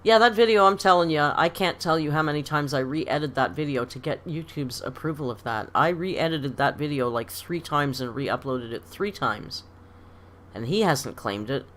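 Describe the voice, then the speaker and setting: This middle-aged host from Canada has a deep voice with a fairly bright tone. On her casual live stream she reads out comments and tells stories in a chatty way, laughing often.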